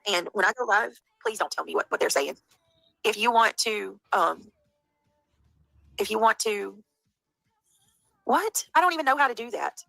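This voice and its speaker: A woman, pleading haltingly with her viewers. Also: medium pitch, animated, vocal fry, a bit bright, dry recording, low-quality recording. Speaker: livestreamer.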